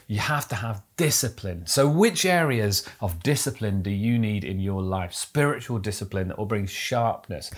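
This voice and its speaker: Earnest man preaching, low voice. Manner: earnest, exhorting, rising to emphatic peaks. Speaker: pastor. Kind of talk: sermon.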